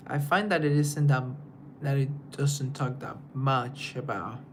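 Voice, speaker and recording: A young man who sings hosts a casual livestream, reading comments in a wandering way and murmuring asides. He has a mid-range, gravelly voice and speaks a little slowly against background noise.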